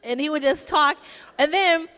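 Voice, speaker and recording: A woman's voice: high voice, moderate pace, fairly bright tone. A woman giving a casual, joking eulogy for her father at a church service, telling stories in a chatty way. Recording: long reverb in a church hall.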